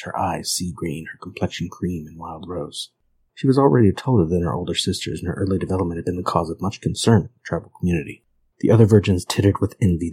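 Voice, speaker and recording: A man reading a grim old folk tale aloud in a measured, grave manner. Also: deep voice, a little mellow, husky, low-quality recording. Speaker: narrator.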